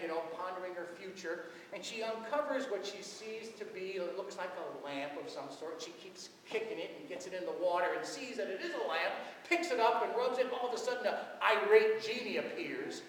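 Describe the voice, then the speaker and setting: A man preaching as pastor in a large church, telling stories in a lively way. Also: high voice, distant mic, a little hiss or hum. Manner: storytelling, animated. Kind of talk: sermon. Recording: echoey church heard from afar.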